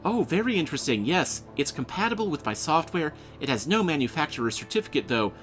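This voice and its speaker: A man's voice: fairly high pitch, sing-song, fast talker, fairly bright tone, faint music behind, voice pushed up. A man voicing a cheerful, overly friendly male AI assistant program in a game. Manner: chirpy, overly friendly, calls the player friend.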